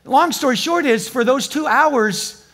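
Man preaching, high-pitched, tells stories and banters with the congregation. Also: unhurried, fairly bright tone. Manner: storytelling, joking with the congregation. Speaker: pastor. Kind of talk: sermon. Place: church before a live congregation.

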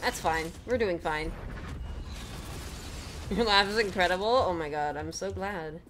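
A young woman streams a video game, rambling candidly as she answers her chat and swearing freely. Her voice is on the low side, a bit bright and a little slow, with slight background noise.

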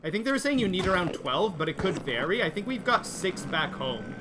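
A man streaming a game live, nervously and excitedly talking to his chat as he plays. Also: high-pitched, fairly quick, very noisy. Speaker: gaming livestreamer. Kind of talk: live gameplay commentary.

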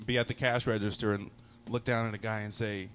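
A man's voice: lowish voice, brisk, slight background noise. A young man doing a conversational stand-up comedy set, telling stories and acting out bits of dialogue. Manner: conversational, animated storytelling with acted-out dialogue. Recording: live show with audience laughter.

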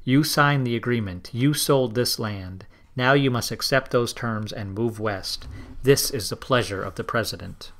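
A man reading a calm, formal government agent. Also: mid-range voice, a little slow. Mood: stern.

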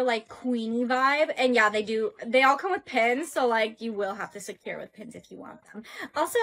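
A woman's voice: a little high, a bit bright. A young woman making short acted skits and chatting casually about products. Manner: casual, chatty, playing several characters. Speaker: TikTok skit creator.

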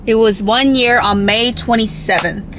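Young woman from Milwaukee, casual vlogger, a touch high, chatty and loose, swears a lot. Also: fairly even intonation, moderate pace, fairly bright tone, a little hiss or hum, poor audio. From Milwaukee, Wisconsin. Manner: chatty and upbeat, swears freely, rambles with fillers. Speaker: vlogger and makeup artist. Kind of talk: casual vlog chat.

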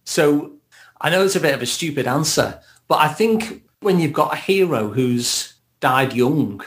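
A man's voice: fairly high pitch, lively intonation, unhurried. A man with a Liverpool accent, a therapist guesting on a podcast, reflective and laughing lightly as he talks. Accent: Liverpool (Scouse). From Liverpool, England. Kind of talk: casual podcast conversation.

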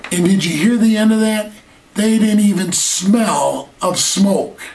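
A man's high-pitched, slightly mellow voice moves a little slowly as he preaches earnestly. He extends key words and poses rhetorical questions, heard through a distant mic in an echoey room.

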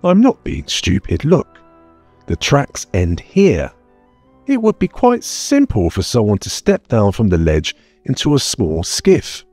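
A man voicing a sharp, sarcastic young adventurer. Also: lowish voice, huge pitch swings, unhurried, slightly rough, no echo, pitched above the performer's own voice, exaggerated voice. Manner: articulate, sarcastic. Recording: dry close mic, faint music bed.

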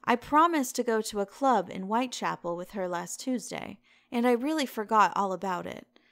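A woman's voice: medium pitch, expressive, normal speed, close to an everyday voice. A woman reading the lines of a petulant, charming young man in a storybook reading, in an eager, lightly pleading way. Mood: sheepish.

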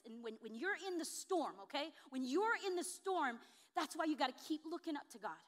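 Woman, pastor, sermon, high-pitched, expressive, emphatic peaks.

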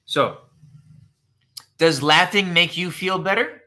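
A man teaching an English lesson online, repeating phrases slowly and answering viewers' questions from the chat. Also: high voice. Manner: slow, repetitive, animated teacher talk, answers chat questions.

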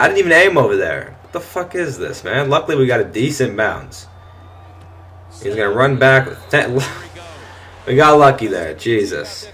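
A young man commentating his own football video game, frustrated and swearing, breaking into shouts and laughs at bad plays. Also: medium pitch, animated, moderate pace, a little hiss or hum. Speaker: gaming channel host. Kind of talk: gameplay commentary.

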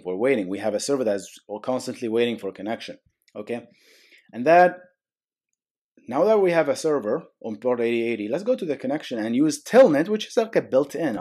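A programming tutorial host with a medium, slightly mellow voice walks through on-screen code in a casual way. He cracks jokes along the way and keeps saying "okay?" and "guys".

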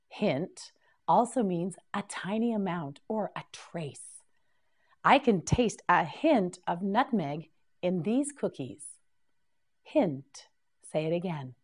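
Slow, low-pitched woman drilling vocabulary. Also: a little mellow. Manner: slow, clear repetition with prompts to repeat. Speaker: English vocabulary teacher.

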